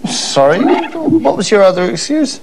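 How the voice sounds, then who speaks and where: Male comic host, camp and gushing, fairly high voice, noisy line. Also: sing-song, moderate pace, gravelly. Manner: camp, gushing, repeats "that's lovely". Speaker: comedy host. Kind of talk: mock-pompous comic monologue.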